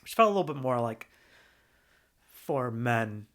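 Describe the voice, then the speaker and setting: A man's voice: medium pitch, very animated, unhurried, a bit bright. A man co-hosting a pop culture podcast in casual chat, easygoing and swearing freely. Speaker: podcast co-host.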